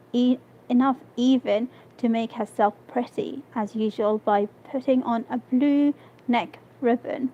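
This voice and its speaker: A woman whose first language is Arabic, reading a novel aloud on a live stream, halting and restarting words. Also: a little high. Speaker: reader. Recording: dull lo-fi stream audio.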